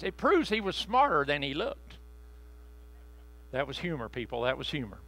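A man preaching a sermon in a conversational, joking way, slowing down to stress key phrases. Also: fairly high pitch, very animated, fairly bright tone, no room sound. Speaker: pastor.

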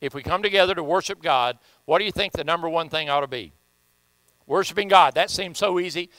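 Southern preacher guy, joking around and repeating himself, really bright clean voice. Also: a little high, fairly quick, no room sound, low-quality recording. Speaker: pastor. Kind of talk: sermon.

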